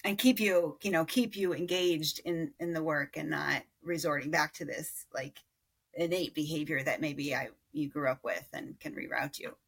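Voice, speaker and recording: A woman's voice: low-pitched, normal speed, gravelly, breathy edge. A mother speaking as a podcast guest, thoughtful and a little hesitant, with fillers. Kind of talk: conversational interview.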